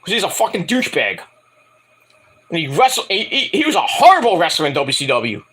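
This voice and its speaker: A man rattles through a wrestling show review in a casual, rambling way, swearing freely and breaking into mocking asides. His voice sits high and swings widely in pitch. The tone is bright and sharp. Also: fairly quick, slightly rough. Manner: excitable, profane, rambling, mocking impressions. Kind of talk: casual recap vlog.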